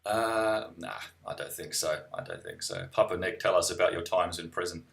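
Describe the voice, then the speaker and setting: Low-voiced man chatting on a live stream. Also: huge pitch swings, normal speed, gravelly, a bit bright. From New Zealand. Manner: rambling, self-interrupting, wry. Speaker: musician streaming live and reading chat. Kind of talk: casual live-stream chat.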